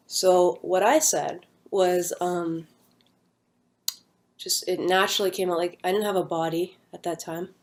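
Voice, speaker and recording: A young woman casually recounting a personal near-death story, rambling with many fillers and an earnest, hushed manner. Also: lowish voice, steady tone, measured pace.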